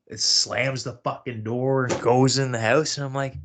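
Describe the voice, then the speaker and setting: Speaking at a normal speed with hardly a pause, this podcast host has a fairly bright voice as he shares a story from his own life. It's a profane, bewildered retelling, with exasperation boiling over into sudden squeaky outbursts.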